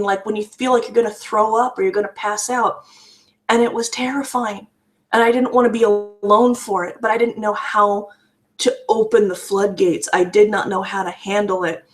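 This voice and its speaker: A woman giving candid personal testimony in a vlog, earnest and raw, often restarting and repeating her words. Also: fairly high pitch. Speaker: vlogger sharing a personal story.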